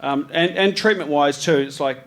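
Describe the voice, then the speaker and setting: In front of a live audience at an event venue, a New Zealand photographer with a local accent chats through his slides, rambling with many ums, restarts and slang. His voice is a little high and a bit bright at a moderate pace, with slight background noise.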